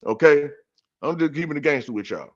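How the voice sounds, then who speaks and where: A man's voice: a little high, brisk. Profane streetwise man, lo-fi sound. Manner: animated, repeats himself. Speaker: podcast guest. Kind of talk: casual talk on scripture. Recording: dull lo-fi sound.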